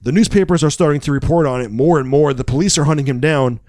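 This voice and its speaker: A man co-hosting a podcast, recapping a film in a casual, wry, joking way with deadpan asides. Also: a little high, fast talker, dry recording, studio quality.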